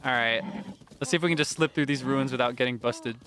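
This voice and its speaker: A man's voice: mid-range voice, fast talker, a bit bright. A man streaming a video game, chatting casually in a playful way and laughing often. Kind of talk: casual gameplay commentary.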